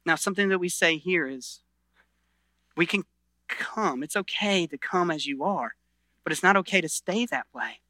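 A middle-aged man preaching a sermon as pastor, earnest, swinging between loud emphasis and quiet intensity, often restarting phrases. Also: high voice, expressive, moderate pace, no echo.

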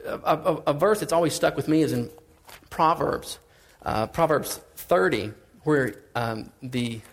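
Higher-voiced man preaching casually. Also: a little slow. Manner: casual, conversational preaching with swings of emphasis. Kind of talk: sermon.

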